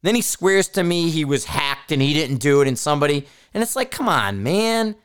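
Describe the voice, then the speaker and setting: A man's voice: on the high side, very animated, normal speed, fairly bright tone, clean tone. A man hosting a podcast, talking casually in a blunt, profane, rambling way with frequent restarts. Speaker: podcast host. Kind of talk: casual solo podcast rant.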